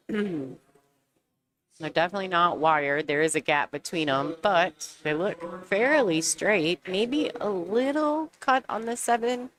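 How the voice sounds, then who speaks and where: A woman's voice: fairly low pitch, lively intonation, slow, a bit bright. A woman commentating a pool match, chatty and bantering, often laughing as she talks. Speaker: sports commentator. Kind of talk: casual play-by-play commentary.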